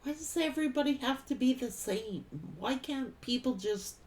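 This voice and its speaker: A woman's voice: high-pitched, expressive, normal speed, a little mellow, slight background noise. A middle-aged woman giving a casual tarot reading, blunt and folksy, swearing freely and laughing often. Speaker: tarot reader.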